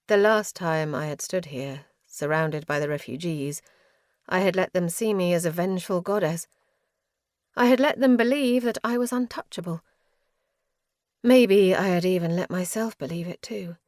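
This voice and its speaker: A woman's voice: fairly low pitch, normal speed, a little mellow, no room sound, studio quality. A woman narrating a first-person fantasy audiobook in an earnest, grief-heavy tone.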